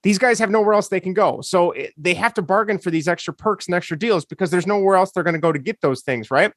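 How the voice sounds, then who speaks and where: A man's voice: high-pitched, fast talker, no room sound, clean studio sound. A man co-hosting a podcast, ranting sarcastically in casual chat. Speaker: podcast co-host.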